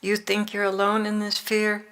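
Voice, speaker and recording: An older woman reading the words of Jesus as a gentle, loving divine man, with tender, encouraging exhortation in a devotional reading. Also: medium pitch, monotone, normal speed, clear, resonant tone, lightly acted.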